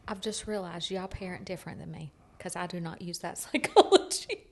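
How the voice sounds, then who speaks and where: A woman with a fairly low voice chimes in during a family chat. She speaks quietly and keeps her comments short, dry and teasing. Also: brisk. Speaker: guest, sister of the host.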